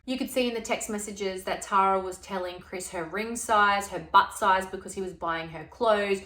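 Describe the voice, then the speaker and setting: Casual woman narrator for true crime, mid pitch, roomy echo. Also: moderate pace, bright, forceful tone, slight background noise. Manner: chatty, retells exchanges in plain conversational speech. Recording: echoey room.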